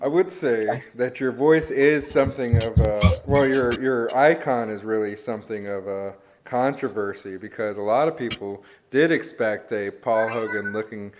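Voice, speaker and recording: A man hosting a podcast, chatting in a laid-back, halting way. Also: medium pitch, background noise. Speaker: podcast host. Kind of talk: casual chat.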